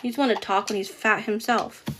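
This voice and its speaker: A woman's voice: mid-range voice, fairly even intonation, moderate pace, slight background noise. A woman hosting a live stream, angrily calling out a rude commenter, swearing and raising her voice. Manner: angry, yelling at a commenter, swearing. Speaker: TikTok live host. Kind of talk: heated livestream chat.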